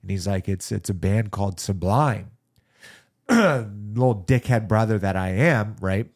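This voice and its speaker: A man with a fairly low voice hosting a casual chat. He gets excitable while telling his own story, with plenty of swearing and laughter. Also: a little slow.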